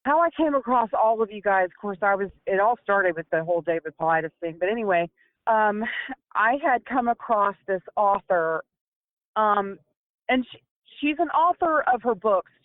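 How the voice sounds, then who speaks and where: A woman's voice: medium pitch, animated, normal speed, no echo. Woman calling in over a thin phone line. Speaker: call-in guest. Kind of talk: casual chat.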